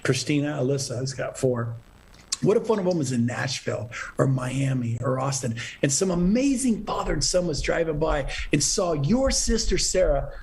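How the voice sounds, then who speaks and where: A man's voice: a little high, animated, normal speed, vocal fry, darkish tone. A middle-aged man speaking as a podcast guest, talking with urgent, motivational energy. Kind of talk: animated interview talk.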